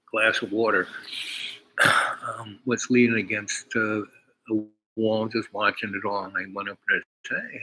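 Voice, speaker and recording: A man's voice: on the low side, pushed and bright, slightly rough, poor audio. Older man rambling through a story. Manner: meandering, full of fillers and asides. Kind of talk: rambling personal anecdote.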